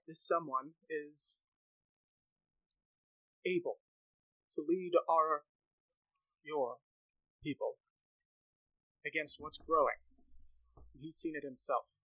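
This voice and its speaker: Grave old wizard, urgent and solemn, slow and bright, voiced by a game master. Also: male voice, on the high side, steady tone, no echo, heavily acted, low-quality recording.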